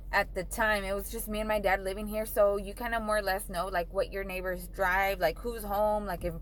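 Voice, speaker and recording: A young woman vlogger tells a story in a casual, rambling way, swearing often and saying "like" constantly. Her voice is mid-range, and the audio quality is poor.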